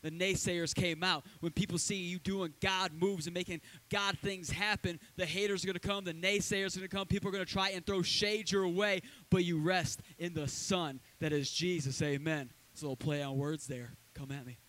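Man preaching in a church, slightly high voice, casual energetic delivery, conversational asides. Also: moderate pace, hardly any pauses, rough recording. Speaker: pastor. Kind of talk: sermon.

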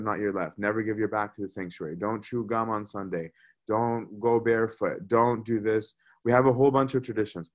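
Man, preacher, conversational sermon, mid pitch, restarts phrases. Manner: conversational, repeats words while thinking.

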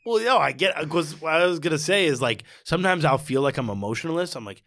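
A man's voice: fairly high pitch, lively intonation, fast talker, few pauses, fairly bright tone, dry recording, clean studio sound. A man telling a rambling story in casual podcast chat, full of fillers and swearing. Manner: rambling, lots of likes and swearing.

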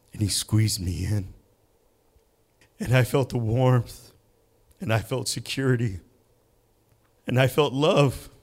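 A man preaching in a church, telling a personal story slowly with dramatic pauses. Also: mid-range voice, darkish tone. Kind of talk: sermon with personal testimony. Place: church sanctuary.

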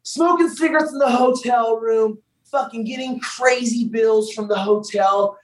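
A man's voice: very high-pitched, measured pace, far from the mic, poor audio. Profane young man telling road stories. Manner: profane, animated storytelling. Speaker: wrestler guest. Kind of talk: casual podcast storytelling.

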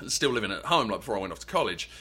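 Lively, fast-talking Englishman. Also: lowish voice, breathy edge. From England. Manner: animated storyteller, laughs often. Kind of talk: casual chat.

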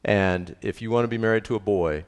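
A man's voice: fairly low pitch, a little fast. A middle-aged man preaching a sermon on marriage, emphatic and joking, repeating his key lines. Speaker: pastor.

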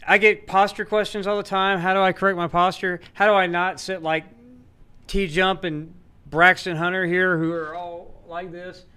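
A man speaks as a guest in a livestream debate, emphatic and teasing. His somewhat high voice is bright and sharp, with a smooth, resonant ring. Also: flat delivery, moderate pace.

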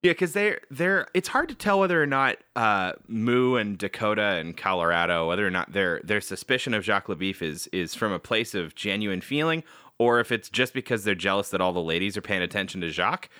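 A man hosting a casual podcast, recapping a cartoon episode in an animated, self-mocking way. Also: fairly low pitch, a little fast, clean tone, no echo, clean studio sound. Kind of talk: casual chat.

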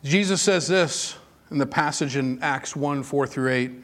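A man's voice: mid-range voice, unhurried, fairly bright tone. Conversational male preacher with emphatic peaks. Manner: conversational, personal storytelling with rising emphatic peaks. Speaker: pastor. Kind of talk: sermon.

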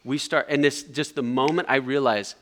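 At a retreat, a middle-aged man delivers a sermon with an animated story, acting out the voices of its characters. He speaks at a normal speed with a medium pitch.

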